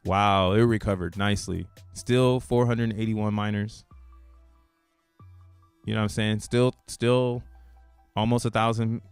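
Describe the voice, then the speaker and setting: A man's voice: lowish voice, steady tone, unhurried, pauses often, smooth, no room sound, soft background music. A man hosting a crypto channel who talks casually over a chart, slangy and rambling and laughing between points. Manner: rambling, restarts thoughts mid-sentence.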